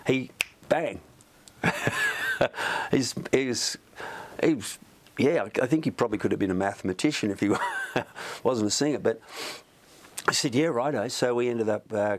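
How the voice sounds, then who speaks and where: Chatty man, low voice. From Australia. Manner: rambling, chatty, many restarts. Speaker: musician guest. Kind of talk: storytelling in an interview. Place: music studio.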